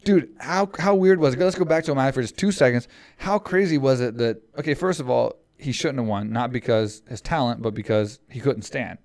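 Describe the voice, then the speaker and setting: Animated man swapping fight talk. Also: mid-range voice, fairly quick, hardly any pauses. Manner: animated, swearing, repeats phrases, calls people dude. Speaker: podcast co-host. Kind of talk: casual sports chat.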